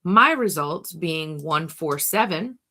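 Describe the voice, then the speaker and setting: A woman's voice: low-pitched, lively intonation, slow pace, bright, forceful tone. A middle-aged woman hosting a casual talk to camera, chatty and thinking aloud, talking to herself by name. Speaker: host.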